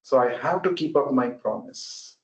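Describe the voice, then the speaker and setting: A man's voice: medium pitch, animated, normal speed, a little mellow, close to an everyday voice. A man voicing a troubled older man torn over a promise, insistent and anguished. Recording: roomy, muffled online call audio.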